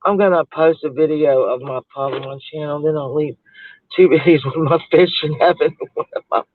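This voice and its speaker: A man's voice: fairly high pitch, fairly quick. A man chatting in a rambling, casual way on a livestream, laughing often and trailing off mid-thought. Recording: tinny phone-like dry audio.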